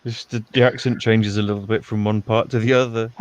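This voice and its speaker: A man's voice: lowish voice, level tone, fairly quick, no room sound. A man chatting casually, easygoing, with hesitant restarts. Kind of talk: casual chat.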